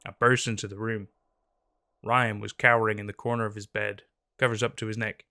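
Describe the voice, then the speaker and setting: A man's voice: on the low side, little pitch movement, fairly quick, vocal fry, pushed and bright. A man narrating a scary story in a dramatic, tense scripted style over faint background music.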